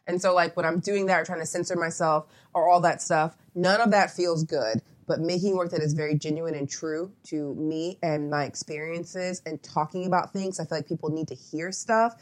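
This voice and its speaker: Lower-voiced chatty young woman. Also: steady tone, moderate pace, few pauses. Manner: chatty and meandering, full of asides. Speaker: guest photographer. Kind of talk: casual interview chat.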